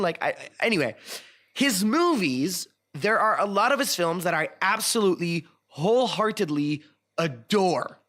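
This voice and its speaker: A man's voice: sits high, lively intonation, normal speed, a bit bright. A man hosting a casual chat, giving strong opinions with frequent ums and restarts. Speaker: host.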